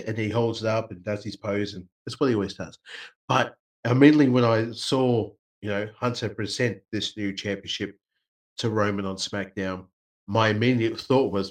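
A man's voice: on the low side, fairly even intonation, moderate pace. A man co-hosting a casual wrestling chat, playful and swearing freely, slipping into mocking voices. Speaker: podcast co-host.

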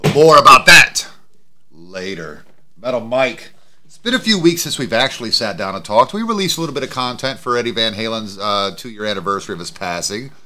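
A man's voice: lowish voice, animated, a little fast, pushed and bright. A man co-hosting a podcast from his home studio, chatting casually and swearing freely. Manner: loose, profane, laughs often. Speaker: podcast co-host. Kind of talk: casual chat. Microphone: studio mic with mixing board and headphones.

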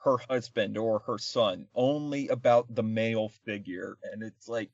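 A man's voice: on the low side, unhurried, darkish tone, no room sound. Podcast co-host, male, sarcastic and rambling, lo-fi dry recording. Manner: rambling, sarcastic, many fillers. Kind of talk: casual comedic film review chat.

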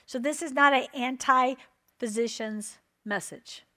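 Woman preacher mid-sermon, fairly high voice, driving points home with repeated phrases and calls for "Amen". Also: a little slow, bright, forceful tone. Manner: emphatic, repeats phrases and asks the crowd "Amen?".

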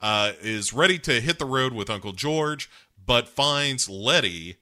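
A man's voice: mid-range voice, animated, measured pace, sharp tone. A man co-hosting a podcast, recapping an episode in loose, profane casual chat and laughing often. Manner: loose, profane, laughing, acts out characters in quotes. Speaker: podcast co-host recapping a show.

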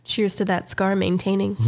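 A woman's voice: medium pitch, noisy background. A young adult woman co-hosting a podcast, telling a story casually while laughing and acting out voices. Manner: laughs through her story, acts out voices. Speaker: podcast co-host.

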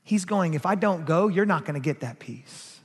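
A man's voice: on the high side, lively intonation, normal speed, breathy edge. A man preaching a sermon as pastor, emphatic, rising and falling in force. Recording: long hall reverb.

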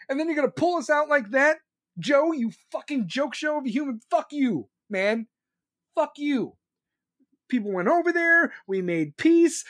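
A man's voice: very high voice, no echo. A man in his forties ranting angrily and crudely, repeating himself for emphasis. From United States. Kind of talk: profane ranting monologue.

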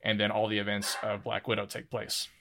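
A man's voice: lowish voice, monotone, fairly quick, sharp tone, slight background noise. A man co-hosting a casual podcast discussion, easygoing and rambling, often laughing. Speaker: podcast co-host.

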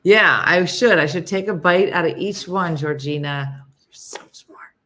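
A woman with a low voice rambles through a casual livestream chat with her viewers. She talks in a loose, meandering way, full of fillers and restarts. She clears her throat often. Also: normal speed, fairly bright tone, a little hiss or hum. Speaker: livestream host.

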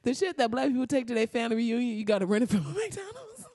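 A young woman in a casual reaction vlog, talking excitedly and profanely, laughing often and slipping into mock-outraged asides. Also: a little high, quick pace, dry recording. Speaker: vlogger reacting to a movie trailer.

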